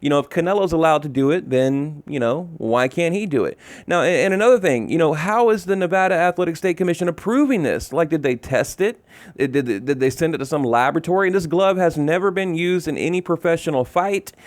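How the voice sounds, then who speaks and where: Heated man ranting, fairly high voice. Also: lively intonation, a little fast, no echo. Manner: heated, exasperated, repetitive, swears. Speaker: boxing commentator. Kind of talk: ranting commentary.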